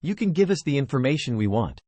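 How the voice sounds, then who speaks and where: A man voicing a cold, menacing young man in a novel reading, speaking calmly and quietly to frightened captives. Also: mid-range voice, quick pace, no echo. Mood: calm threat. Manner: quiet, calm and threatening.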